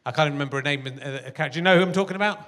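A man's voice: fairly high pitch, rapid-fire, fairly bright tone. A man hosting a live comedy podcast on a theatre stage, rambling and self-deprecating, laughing often. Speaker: podcast host.

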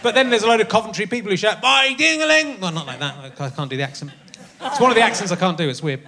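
A middle-aged man hosts a live comedy podcast from a theatre stage, teasing his guest in a wry way. His voice sits high for a man and sounds bright and forceful. He laughs often as he talks. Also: animated, racing. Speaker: podcast host.

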